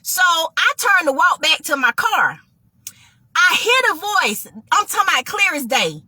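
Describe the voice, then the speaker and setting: A woman's voice: extremely high pitch, unhurried, dry recording. A woman telling a personal testimony story to listeners, acting out both sides of the conversation. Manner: animated, addresses listeners as y'all.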